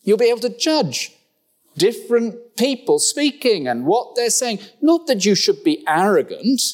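Lively preacher with wry humour. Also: male voice, high voice, a little slow. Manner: lively, conversational preaching with humorous asides and rhetorical questions. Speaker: pastor. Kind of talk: sermon.

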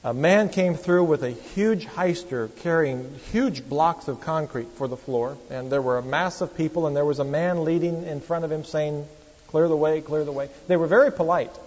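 A pastor, preaching a sermon in a storytelling, conversational manner with wry asides to the congregation. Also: male voice, a little high, moderate pace, darkish tone, slightly rough. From Oregon, USA. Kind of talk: sermon with anecdotes. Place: church. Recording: echoey church hall, dull lo-fi sound.

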